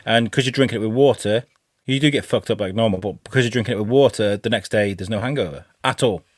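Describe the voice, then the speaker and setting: A man co-hosting a podcast, telling stories in casual chat, animated and swearing freely. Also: lowish voice, fast talker, no echo, clean studio sound. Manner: animated storyteller, swears freely, lively retellings. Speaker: podcast co-host.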